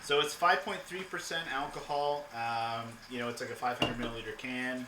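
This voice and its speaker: A man's voice: mid-range voice, fairly even intonation, normal speed, hardly any pauses. A man from Nova Scotia hosting a casual beer review podcast, laid-back and reading the can label aloud. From Nova Scotia, Canada. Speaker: podcast host. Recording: echoey room with faint noise.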